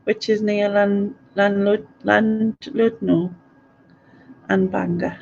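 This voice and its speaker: Gravelly, giggly woman. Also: medium pitch, fairly even intonation, slow, darkish tone, a little hiss or hum. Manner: chatty and giggly, stumbles over place names. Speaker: live-stream host. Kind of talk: casual live-stream chat reading viewer comments. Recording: dull lo-fi audio.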